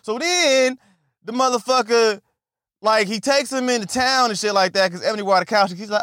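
A man retelling a film plot in casual, profane, animated talk, often stammering and repeating himself. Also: sits high, a little fast, no room sound, clean studio sound. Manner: animated, repetitive, swears constantly, stammers on restarts. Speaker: movie recap vlogger.

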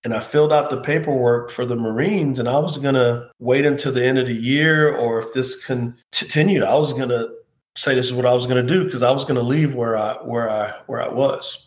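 A man's voice: mid-range voice, fairly even intonation, fairly quick. A man shares a personal story in an interview, his voice sitting in a comfortable middle range. He speaks with earnest, reflective feeling, and the room around him adds a noticeable echo. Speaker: interview guest, former pro football player. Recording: roomy echo.

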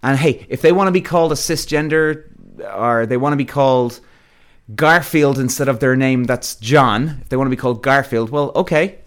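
A man's voice: mid-range voice, moderate pace. A man hosting a podcast, delivering a blunt, profane rant straight to his listeners. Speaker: podcast host. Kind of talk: ranting monologue to listeners.

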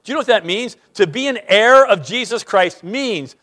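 A man preaching a sermon as pastor, emphatic, repeating words as he starts sentences and swinging between loud and quiet. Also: high voice, animated, normal speed, hardly any pauses.

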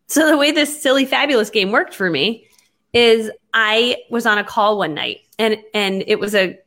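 A woman telling a business story in casual conversation, animated and quick to act out her own past lines. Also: medium pitch. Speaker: network marketing entrepreneur.

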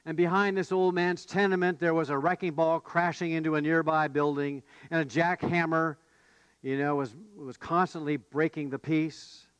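A man's voice: on the high side, fairly even intonation, moderate pace, smooth, no room sound. A man preaching a sermon as pastor, telling stories and building to emphatic questions. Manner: storytelling, rising to emphatic questions.

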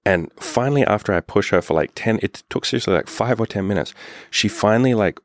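A man's voice: lowish voice, a little fast, dry recording, studio quality. A man who works as a dating coach, telling a casual, profane story full of fillers.

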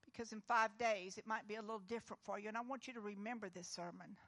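A woman pastor giving an earnest, comforting sermon, dropping to a hush and then rising with emphasis. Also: mid-range voice, steady tone, fast talker, hardly any pauses. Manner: earnest, comforting, moves between hushed and emphatic.

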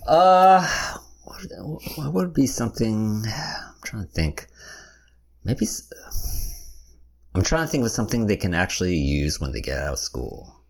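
Young man guest, very low voice with swooping pitch, hesitant and relaxed. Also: unhurried, creaky, pauses often. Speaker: podcast guest. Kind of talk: casual chat.

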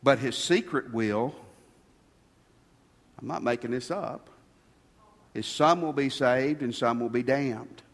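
A man's voice: medium pitch, slow pace, pauses often. A man preaching a sermon as pastor, stressing his points by repeating key phrases. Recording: long reverb of a large hall.

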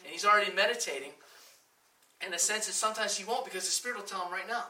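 A woman's voice: mid-range voice, rapid-fire, bright, forceful tone, distant mic. Emphatic woman preaching in an echoey room. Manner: emphatic, asks the room questions and acts out quoted voices. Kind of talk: sermon.

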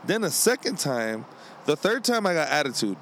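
A man co-hosting a casual podcast, ranting with heavy swearing and swinging from low grumbles to loud outbursts. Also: big pitch swings, normal speed, slight background noise. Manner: profane, heated ranting. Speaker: podcast co-host.

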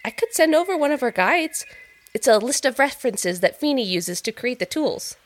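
A gracious female artist who speaks with an animated, lilting rise and fall and a slightly high voice. She is sweet and effusive, gently probing the person she's talking to in an audio drama. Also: normal speed. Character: gracious warm female artist, doctor's wife.

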